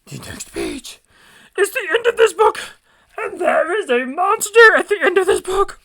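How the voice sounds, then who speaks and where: A man's voice: very high voice, wildly swooping pitch, measured pace, pitched above the performer's own voice, exaggerated voice. A man voicing a lovable, anxious old male furry monster in a children's storybook read-aloud, pleading frantically in formal speech without contractions. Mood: panicked.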